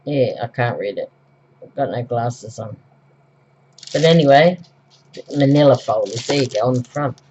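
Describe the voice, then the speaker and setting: A woman's voice: rumbling low, normal speed, long pauses, warm tone, slight background noise. A middle-aged Australian woman with the flu, chatting casually through a craft tutorial at home, rambling with lots of ums and self-corrections. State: recovering from flu. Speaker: craft vlogger. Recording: dull, lo-fi home recording.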